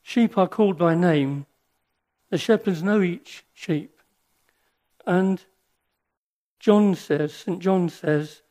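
An older man giving a sermon with personal stories, speaking in an earnest, reflective way with pauses and restarts. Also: high-pitched, warm tone.

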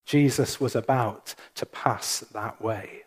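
A man, the church's minister, preaching a sermon in a church, with slow, measured delivery and pauses. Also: lowish voice.

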